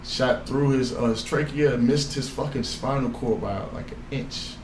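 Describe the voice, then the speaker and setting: A man co-hosting a casual podcast chat, talking in an animated, insistent way and swearing freely. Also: mid-range voice, moderate pace, background noise. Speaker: podcast co-host. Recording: echoey room with faint ambience.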